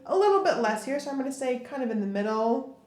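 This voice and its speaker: A woman's voice: sits high, expressive, fast, over music. A woman teaching a viola lesson, talking through bowing step by step between played passages. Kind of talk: instrument tutorial. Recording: echoey room with loud viola playing.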